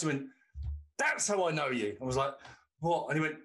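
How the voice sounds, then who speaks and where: A man's voice: fairly high pitch, big pitch swings, quick pace. Man rambling through anecdotes. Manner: rambling anecdotes, swears freely. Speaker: podcast co-host. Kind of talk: casual chat.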